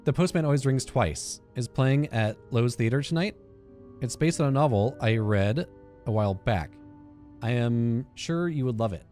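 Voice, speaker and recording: A man's voice: lively intonation, normal speed, mellow, faint music behind. A man hosting a game playthrough, reading in-game letters aloud with fillers and self-corrections. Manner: reads aloud with frequent fillers and restarts, drops into a low aside. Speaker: gaming channel host.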